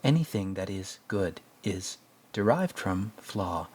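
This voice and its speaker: A man voicing Hal, a sinister male AI computer ranting in a low, hushed, rambling way. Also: breathy edge, heavily acted.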